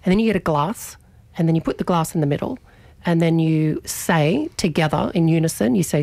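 Woman, radio host, animated storyteller, slightly low voice, dry close sound. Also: fairly quick, vocal fry, no echo. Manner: animated, chatty, many restarts. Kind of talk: casual storytelling chat on radio.

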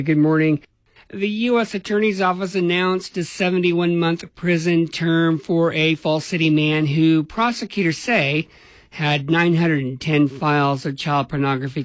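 A man's voice: on the high side, dry recording. Man reading radio news, dry studio sound. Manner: even, measured newsreader delivery. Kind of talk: read news bulletin.

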